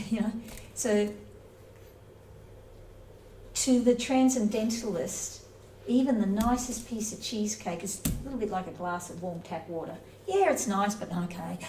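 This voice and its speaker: A woman giving a casual, conversational lecture on scripture, playfully acting out little everyday scenes. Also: medium pitch. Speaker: spiritual teacher. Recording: roomy echo, from a distance, faint noise.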